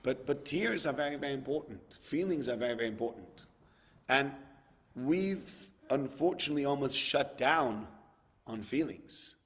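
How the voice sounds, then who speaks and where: A man's voice: medium pitch, animated, moderate pace, fairly bright tone, long reverb tail. A man, a rabbi, giving a conversational sermon, acting out dialogues and repeating words for emphasis.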